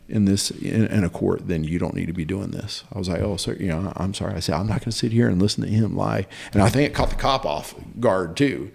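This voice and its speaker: A man with a low, gravelly voice recounts a story on a podcast. He talks in a halting, animated way, full of fillers and restarts. The delivery is loose and conversational. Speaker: podcast guest. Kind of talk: casual storytelling.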